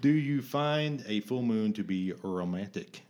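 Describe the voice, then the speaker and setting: A man's voice: on the low side, animated, measured pace, darkish tone, lo-fi sound. A man co-hosting a podcast, reading a magazine quiz aloud in a playful, joking way. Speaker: podcast co-host.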